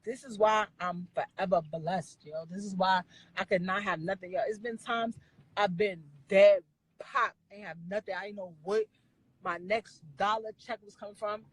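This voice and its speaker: A husky woman rants into her phone, blunt and profane. She scolds her viewers in a casual, heated monologue. Her voice sits at a middle pitch. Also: fairly even intonation, normal speed, low-quality recording. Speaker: rapper on a live stream. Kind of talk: ranting live-stream monologue.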